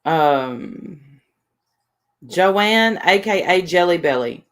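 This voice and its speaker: A woman's voice: lowish voice, lively intonation, extremely slow. A woman, chatting casually on a livestream, rambling defensively and reading viewers' messages aloud. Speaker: livestream host.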